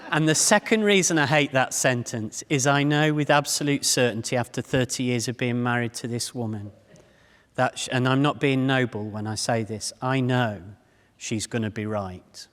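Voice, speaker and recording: This fifties-aged man, speaking to a crowd, spins humorous anecdotes and talks straight to his listeners. His voice sits in the middle range with a fairly bright tone, echoing with the lengthy reverb of a hall.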